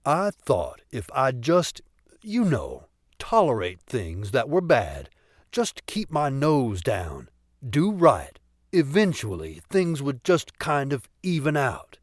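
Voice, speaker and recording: A man reading an audiobook voices a weary, rueful middle-aged cop and former radical, speaking slowly and heavily. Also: medium pitch, wildly swooping pitch, no room sound, clean studio sound, heavily acted. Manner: slow, heavy, rueful. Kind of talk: audiobook character voice.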